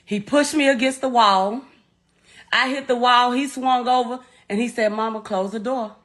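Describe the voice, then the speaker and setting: A woman's voice: on the high side, steady tone, moderate pace, a bit bright. Profane, grieving middle-aged woman. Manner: blunt, profane, emotional retelling with repetitions. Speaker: bereaved mother telling her story. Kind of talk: raw first-person storytelling.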